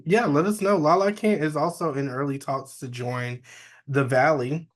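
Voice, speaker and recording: A man's voice: a little high, steady tone, normal speed. A man co-hosting a podcast, reading entertainment news aloud and giving blunt, profane opinions in casual chat. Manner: reads news items aloud, candid and profane. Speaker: podcast co-host.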